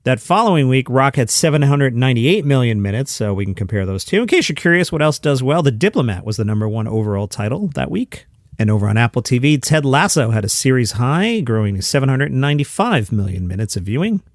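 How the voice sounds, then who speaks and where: A man hosting a comedy news podcast, reading headlines and quotes with lively, sarcastic asides. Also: mid-range voice, quick pace, no echo, studio quality.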